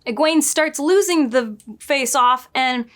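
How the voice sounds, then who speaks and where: A woman giving a casual spoken review, chatty and digressive, often laughing and adding quick asides. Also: sits high, fairly bright tone. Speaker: book and show reviewer.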